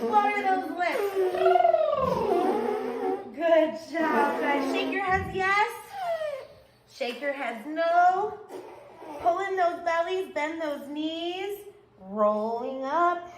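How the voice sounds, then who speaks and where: A woman's voice: extremely high pitch, animated, a little slow, echoey room, slight background noise. A woman leading a children's yoga class, coaching the kids in an upbeat, sing-song way.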